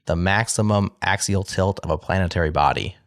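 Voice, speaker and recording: A man's voice: sits low, a little fast, no echo, clean studio sound. A man hosting a podcast word game, reading definitions aloud and joking with the players. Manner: laughing, playful, reads definitions aloud. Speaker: podcast host, game show moderator. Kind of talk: casual game-show banter.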